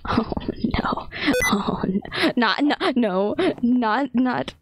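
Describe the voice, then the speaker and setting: A woman's voice: on the high side, extremely slow, background noise. A woman giving casual gameplay commentary, laughing often and exclaiming in playful panic. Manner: giggly, frequent bursts of laughter. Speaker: gaming video creator.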